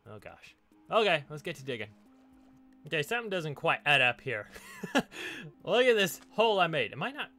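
A man with a bright, slightly high voice talks casually through his gameplay. He laughs often and is easily surprised, thinking out loud as he goes. Faint game music plays softly behind him. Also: very animated, normal speed, pauses often. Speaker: gaming channel host. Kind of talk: casual let's play commentary.

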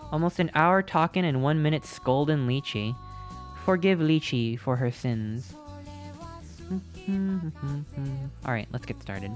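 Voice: medium pitch, expressive, normal speed, faint music behind. A live streamer chatting casually with viewers at a home setup, in a playful, rambling way with lots of restarts.

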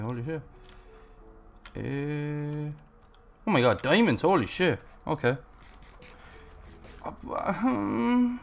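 A man narrating his Minecraft gameplay, frustrated and swearing as he rambles to himself. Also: mid-range voice. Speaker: gaming channel host.

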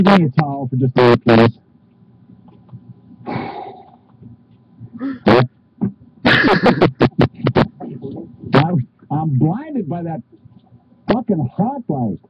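A man presenting a product video who keeps forgetting his lines and swears constantly out of exasperation. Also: a little high. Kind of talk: blown takes from a product video shoot. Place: on a hot video set with flies around. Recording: dull lo-fi old video with loud hiss.

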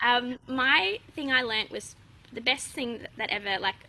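Her voice is on the high side with a sharp tone at normal speed, and the recording is rough. She is a young adult woman being interviewed casually, chatting openly, laughing often, and filling her speech with fillers.

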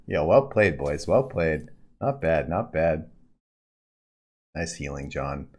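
A man streaming a video game and talking over his play, swinging from calm build talk to excited yelling at big plays. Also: sits low, normal speed. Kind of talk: gameplay commentary.

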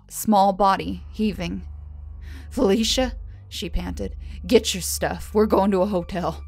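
A woman narrating a first-person horror story in a measured, scripted delivery, letting her voice fall softly on the tags. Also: on the low side. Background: soft music.

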